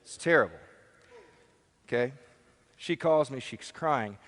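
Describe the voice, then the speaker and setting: A man's voice: mid-range voice, expressive, takes it slowly, fairly bright tone. A man giving a live motivational seminar talk, emphatic, repeating key phrases and putting questions to the audience. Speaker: motivational speaker. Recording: long hall reverb.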